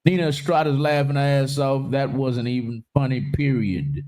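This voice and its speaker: A man hosting a casual live-stream talk show, joking loudly, swearing freely and reading viewer comments aloud. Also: medium pitch, normal speed. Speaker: livestream talk show host.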